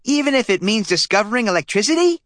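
Man performing an eager kid brother in an audiobook: very high, squeaky. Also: fast talker, no room sound. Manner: squeaky, excited.

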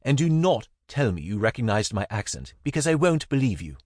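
A man voicing a guarded, fiery young foreign woman with a lilting accent, firing off sharp questions. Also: medium pitch, very animated, a little fast, no echo, studio quality, voice pushed up. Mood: guarded, insistent.

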